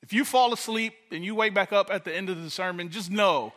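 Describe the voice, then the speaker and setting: Man, pastor, sermon, conversational, repeats words, forceful tone. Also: high-pitched, brisk. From Detroit, USA. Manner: conversational, repeats words when starting a thought. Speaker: guest pastor.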